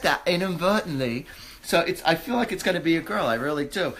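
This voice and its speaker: Male psychic host, live reading, fairly high voice, halting, lots of ums, reassuring. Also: expressive, fairly bright tone. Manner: halting, searching, many fillers and restarts.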